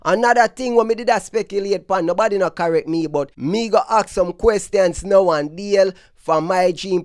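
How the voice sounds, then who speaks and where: A man from Brooklyn talks in a mixed Jamaican and New York accent, sliding between patois and street slang as he comments on dancehall news. His voice sits a little high and sounds dry and close to the mic. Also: no room sound. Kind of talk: casual commentary vlog.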